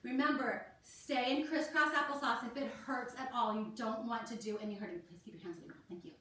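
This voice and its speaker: Recorded from afar in an echoey space, a woman with a fairly high, bright and forceful voice teaches kids yoga at a brisk pace. She encourages the children and explains every pose one step at a time, her voice coming from off the mic.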